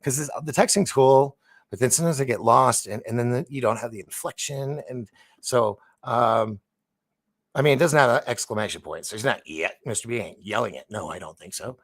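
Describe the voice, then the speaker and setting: In a mid-range, expressive voice, a man runs a livestream at a brisk pace. He reads the chat aloud, rambles, chats casually, and laughs a lot.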